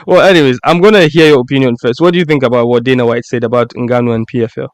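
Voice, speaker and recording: Smooth-voiced man hosting a live stream. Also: mid-range voice, fast talker, no echo. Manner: laughs often, reads tweets aloud. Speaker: podcast host. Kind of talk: casual live-stream chat.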